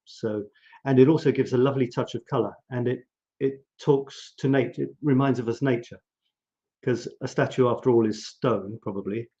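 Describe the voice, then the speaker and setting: On his live photography stream, the male host muses casually and talks straight to the people watching. He has a mid-range voice with a dark tone, captured in lo-fi sound.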